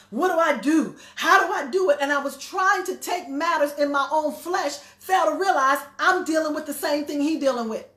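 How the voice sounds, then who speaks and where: A woman's voice: high voice, a bit bright, roomy sound. A woman pastor preaching emphatically, repeating phrases and laughing between points. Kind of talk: sermon.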